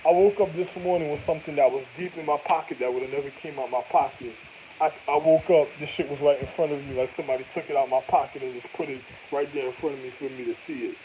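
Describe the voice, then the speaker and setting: A man's voice: fairly high pitch, fairly even intonation, quick pace, dark tone, slight background noise, rough recording. A man in a rambling, profane monologue that jumps from topic to topic.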